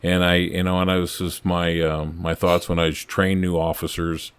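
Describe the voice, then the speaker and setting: An older man, a retired police officer, chatting as a podcast guest in an earnest, halting way, often restarting his sentences. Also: low-pitched, flat delivery, clean tone, no room sound. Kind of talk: casual storytelling chat.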